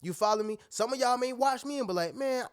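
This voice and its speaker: High-voiced emphatic male motivational speaker. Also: animated, fast, smooth. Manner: preachy, emphatic, keeps checking in with listeners. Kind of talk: motivational talk to viewers.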